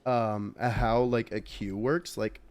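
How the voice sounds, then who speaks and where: A young man co-hosting a casual podcast chat, telling a story with animated, loud bursts. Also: lowish voice, slow, clear, resonant tone. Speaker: podcast co-host.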